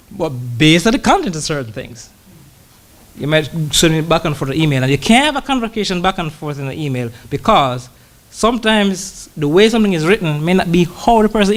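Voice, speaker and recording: Man preaching with frequent pauses. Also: a little high, animated. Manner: pauses often, repeats words, laughs lightly; slows to read scripture. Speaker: church brother preaching. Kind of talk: conversational sermon.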